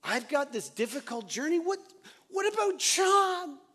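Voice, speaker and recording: Preacher voicing Peter, complaining male disciple, protesting, whiny, high male voice. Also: sing-song, measured pace, pushed and bright, heavily acted.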